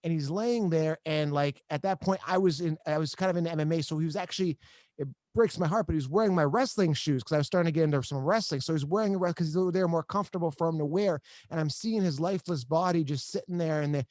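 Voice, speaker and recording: Man, podcast host, slightly high pitch, dry sound, halting, emphatic storytelling. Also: darkish tone, no echo. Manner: halting, repeats words, emphatic. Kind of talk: emotional interview storytelling.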